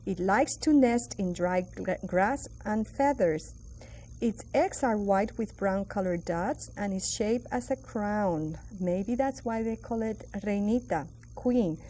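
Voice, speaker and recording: A woman's voice: mid-range voice, takes it slowly, dark tone, a little hiss or hum. A woman from Puerto Rico with a Puerto Rican Spanish accent, teaching a Spanish lesson and drawing out each phrase for pronunciation drills. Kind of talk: classroom TV lesson.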